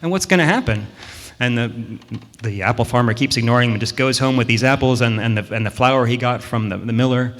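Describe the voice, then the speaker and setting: At a worship service, a man tells a children's story to the congregation, playful and chatty with the kids listening. His mid-range voice is fast and fairly bright, with fairly even intonation. The church sanctuary adds a long hall reverb.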